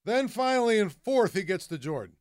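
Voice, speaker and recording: This is a man chatting casually about sports. His voice sits a touch high and comes across smooth and clear, and the recording is dry and close. He tells stories animatedly and gets excitable at the punchlines. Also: a little fast, no echo.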